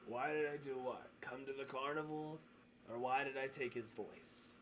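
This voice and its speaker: A man's voice: mid-range voice, fairly even intonation, normal speed, a bit bright, slight background noise, close to an everyday voice. A man voicing a petty, chaos-loving male bird-creature trickster that sounds sly and mocking, in a tabletop game. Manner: sly and mocking, mimics voices.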